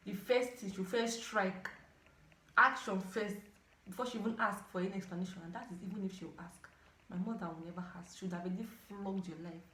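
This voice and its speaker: A young woman in her twenties with a Nigerian accent, telling a storytime vlog in an animated way with dramatic outbursts. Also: mid-range voice, a little fast, slight background noise. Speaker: storytime vlogger. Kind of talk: casual storytelling to camera. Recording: echoey room.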